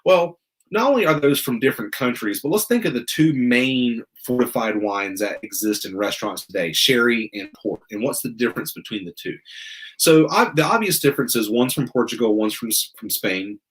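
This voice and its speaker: A man's voice: mid-range voice, animated, fairly quick. A man from the American South hosting a casual wine show, explaining with rambling restarts and jokey asides.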